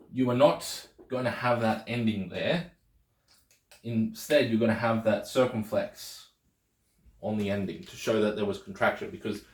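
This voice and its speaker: A man with a lowish voice teaching a video lesson, possibly. He explains step by step and keeps checking in with "okay". The sound is roomy and echoey. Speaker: Greek teacher.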